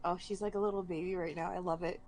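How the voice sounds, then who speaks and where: A woman's voice: lowish voice, fast talker, a little hiss or hum. A woman in casual group chat, telling stories and acting out little quoted lines. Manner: animated storytelling, acting out quotes. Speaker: game master.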